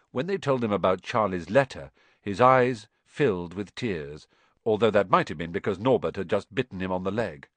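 A man with a fairly low voice narrates a storybook in a measured way. His pitch stays lively. The recording is dry and close. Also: dry recording. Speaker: audiobook narrator.

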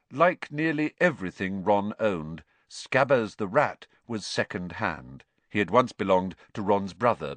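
A man giving expressive scripted narration of a storybook audiobook. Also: fairly low pitch, no room sound.

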